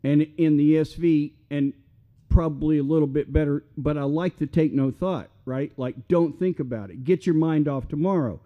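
A man's voice: a little high, normal speed, narrow, tinny audio. An older man, preaching a sermon in a folksy, repetitive way full of rhetorical questions. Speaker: pastor.

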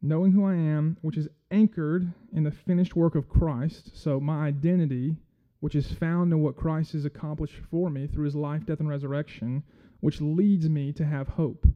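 Halting, self-deprecating male preacher. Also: on the high side, steady tone, dull audio. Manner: friendly, self-deprecating, halting with many fillers. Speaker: guest church speaker. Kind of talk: casual sermon.

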